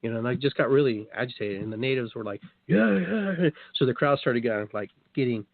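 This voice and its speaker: Guy hosting a chatty show, animated storyteller, cusses a bit, sounds like a thin dry phone call. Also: medium pitch, fast, no room sound. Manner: animated, acts out quotes, swears. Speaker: show host telling a story. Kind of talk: casual storytelling chat. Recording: dry tinny phone-like line.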